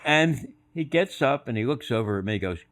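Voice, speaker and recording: A man's voice: mid-range voice, animated, brisk, a bit bright. An older man on a podcast as a guest, telling anecdotes and acting out other people's voices in quotes. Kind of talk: storytelling anecdotes.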